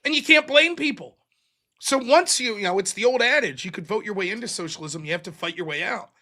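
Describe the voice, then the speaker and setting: Guy in his 40s ranting on his call-in show, high bright voice, swears a lot. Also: a little fast. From United States. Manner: blunt, profane, animated with acted-out quotes. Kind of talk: casual political monologue.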